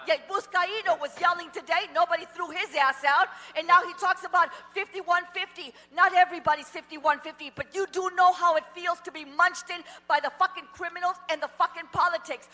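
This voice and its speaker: A woman giving public comment at a council meeting, angry and shouting, full of profanity. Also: very high voice, steady tone, brisk, few pauses. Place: council chambers. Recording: long hall reverb in a council chamber.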